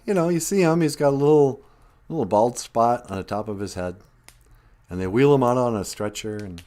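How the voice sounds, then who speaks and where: A man hosting a casual live stream. He tells jokey stories, chuckling often as he greets viewers. His mid-range voice rises and falls in a lively way. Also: mid-range voice.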